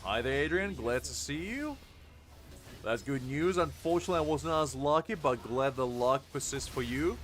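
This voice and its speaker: A man's voice: mid-range voice, moderate pace, faint music behind. A tired man streamer in casual live-stream chat, joking and answering his chat. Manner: jokey, laughs often, reads chat aloud. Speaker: game streamer.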